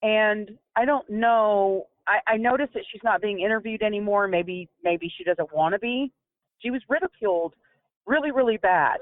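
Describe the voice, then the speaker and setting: A woman's voice: mid-range voice, normal speed, no room sound. A woman calling in as a guest on a podcast, chatting earnestly and reacting to the stories. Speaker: call-in guest. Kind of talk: casual chat. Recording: dry, phone-like line.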